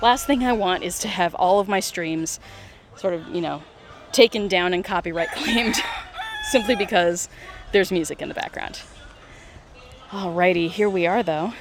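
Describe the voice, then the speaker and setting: With gentle music in the background, a US streamer chats at a normal speed in a mid-range voice while live-streaming a mobile game on a city walk. The talk is casual, loaded with fillers, and often broken by giggles.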